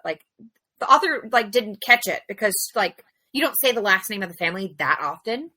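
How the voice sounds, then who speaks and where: A chatty woman co-hosts a podcast, telling stories with lively energy and plenty of fillers. Her voice has a bright, forward edge. The sound is close and dry, with no room behind it. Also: on the high side, a little fast, dry recording. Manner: chatty, animated storytelling with many fillers. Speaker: podcast co-host. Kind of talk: casual chat.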